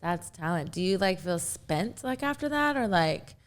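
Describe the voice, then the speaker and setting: A woman's voice: lowish voice, animated, moderate pace. A woman hosting a casual interview, asking frank, playful questions and laughing often. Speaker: host.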